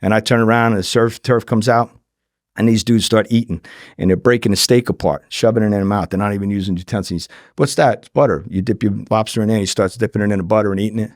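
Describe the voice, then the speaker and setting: Animated storytelling man, low voice. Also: fast, dry recording, studio quality. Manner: animated, acts out quoted voices, swears freely. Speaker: former undercover agent, guest. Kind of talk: casual storytelling.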